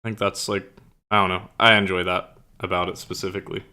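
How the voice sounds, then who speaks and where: A man's voice: deep voice, flat delivery, fast talker, bright, forceful tone, clear, resonant tone. A young man streaming and chatting casually with his viewers, rambling with lots of fillers and casual swearing. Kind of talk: casual chat with live chat. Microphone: own streaming mic.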